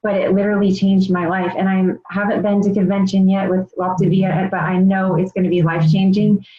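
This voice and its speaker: A woman's voice: medium pitch, level tone, brisk. A woman in her thirties tells her own story as a health coach, earnest and rambling, full of "um" and "you know". The recording is slightly muffled and dull. It rings with echo from the room. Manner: earnest, rambling, many fillers. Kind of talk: personal testimonial.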